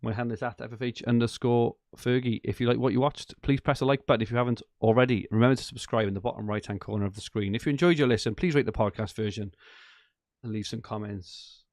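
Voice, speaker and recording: A man's voice: medium pitch, steady tone, fast, darkish tone, no echo, studio quality. A man hosting a podcast, chatting casually and enthusiastically, rambling and laughing often. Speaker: podcast host. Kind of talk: casual chat.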